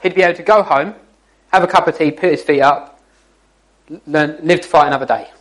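A man's voice: a little high, brisk, fairly bright tone, rough recording. A man giving an informal, jokey church talk to young people, teasing his listeners as he goes. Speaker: youth speaker.

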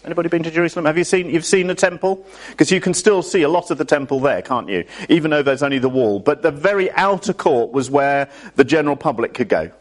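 A man's voice: a little high, lively intonation, brisk. A man preaching a sermon to a church congregation in a chatty way, often asking his listeners questions.

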